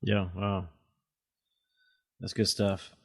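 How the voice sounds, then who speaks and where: A man with a low voice hosts the interview, dropping in short affirmations and inviting his guest to go on. The sound is close and dry, with no room around it. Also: monotone, very slow, husky, dry recording. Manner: brief affirming interjections and prompts. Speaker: podcast host. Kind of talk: conversational podcast interview.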